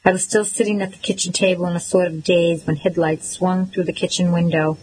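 A woman narrating a first-person story in a measured, even reading. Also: on the low side, slight background noise, low-quality recording. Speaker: audiobook narrator.

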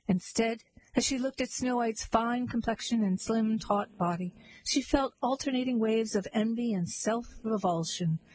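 A woman's voice: on the high side, a little slow, a little mellow, no room sound, poor audio. A woman reading a parody fairy tale aloud with a dry, wry delivery. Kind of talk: comic storybook narration.

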